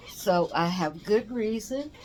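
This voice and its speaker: A woman's voice: medium pitch, animated, slow pace, darkish tone. An older woman who hosts a doll channel, chatting casually to camera in a rambling, tired way, yawning as she talks. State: exhausted.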